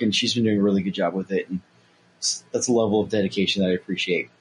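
Fast-talking man podcast co-host. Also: fairly low pitch, breathy edge. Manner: fast, relaxed, jokey. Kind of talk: casual chat.

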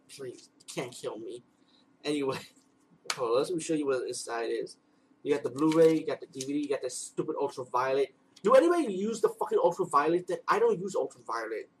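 A man with a fairly high voice talks through a casual video review, excitable and rambling. He swears freely and keeps getting worked up. A faint hum of room ambience sits behind him. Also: poor audio. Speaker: movie reviewer. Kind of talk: casual unboxing and review vlog.

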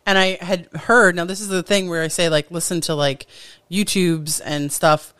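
A woman's voice: fairly low pitch, fairly even intonation, moderate pace, fairly bright tone. A woman co-hosting a podcast in casual chat, talking freely with lots of fillers and restarts. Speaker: podcast co-host.

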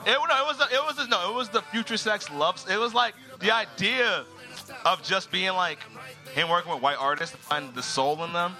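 A man hosting a live comedy show, teasing the audience with loud, profane banter. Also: high-pitched, fairly quick, soft background music. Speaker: host. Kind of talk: live comedy crowd work.

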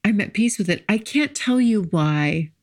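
A woman's voice: medium pitch, lively intonation, unhurried. A young woman from California hosting a podcast from home, chatting casually and confessionally with lots of laughs and fillers. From California, USA. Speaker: podcast host.

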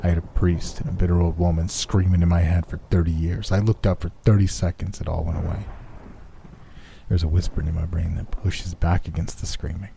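A man reading a horror story aloud in the first person, in a hushed, anxious telling. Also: sits low, little pitch movement, brisk, creaky, a little hiss or hum. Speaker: narrator. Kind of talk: scripted horror story narration.

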